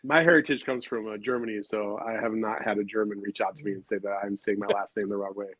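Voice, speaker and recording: A man's voice: lowish voice, steady tone, fast talker, fairly bright tone, rough recording. A man co-hosting a sports podcast, chatting casually with rambling jokes. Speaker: podcast co-host.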